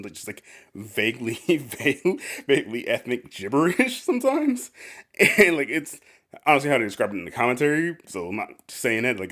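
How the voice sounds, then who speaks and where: A man's voice: medium pitch, fairly bright tone. A man hosting a casual podcast, rambling with lots of fillers and frequent laughter. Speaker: podcast host.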